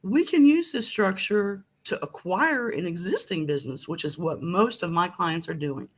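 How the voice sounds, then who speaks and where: A woman's voice: fairly low pitch, lively intonation, moderate pace, breathy edge. A woman guest on a business talk show, confidently and cheerfully explaining financing options. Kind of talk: casual video podcast talk.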